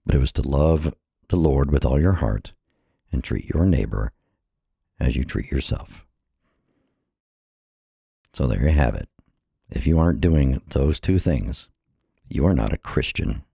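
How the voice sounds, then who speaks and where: Middle-aged man from the States, dark husky bass, a bit breathless, impassioned solo vlog rant. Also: expressive, a little slow, pauses often, no room sound, clean studio sound. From United States. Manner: earnest, impassioned, repeats phrases. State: a little out of breath. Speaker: vlogger. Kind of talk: personal monologue.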